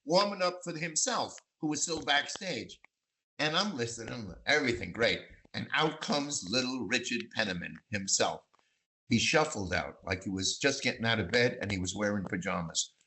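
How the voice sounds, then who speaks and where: An older man from the Bronx, telling lively anecdotes as a guest, acting out voices and singing bits of songs. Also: medium pitch, normal speed, slight background noise, rough recording. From East Bronx, New York. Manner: animated raconteur, acts out voices and sings snatches. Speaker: magazine publisher, guest. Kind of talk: storytelling interview.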